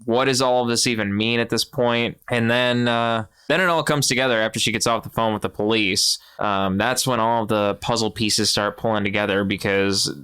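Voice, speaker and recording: A man co-hosting a podcast, retelling a film plot in a chatty, animated way. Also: on the low side, normal speed, few pauses, smooth. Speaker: podcast co-host. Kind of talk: casual film recap chat.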